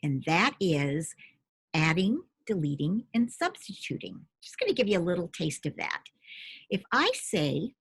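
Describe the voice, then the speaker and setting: A middle-aged woman with a husky, somewhat low voice explains reading instruction to parents. She talks patiently, with a lively, rising and falling pitch, and sounds out syllables and single sounds slowly. The recording is dry and close. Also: no room sound. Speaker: reading expert.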